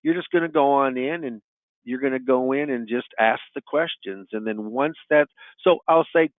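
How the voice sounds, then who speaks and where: A man's voice: medium pitch, normal speed, no echo. A middle-aged man talks through sales tactics in a folksy, anecdotal way, leaning on the same stock phrases again and again. His voice comes through thin and tinny, like a phone line. There is no room sound around it. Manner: folksy storyteller, repeats "you know what". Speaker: sales coach. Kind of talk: webinar talk with client anecdotes.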